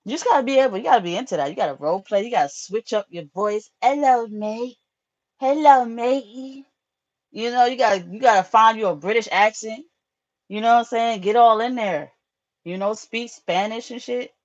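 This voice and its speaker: A woman's voice: mid-range voice, fast talker, lo-fi sound. A woman hosting a live tarot stream, chatting casually with viewers in a frank, profane way, often laughing.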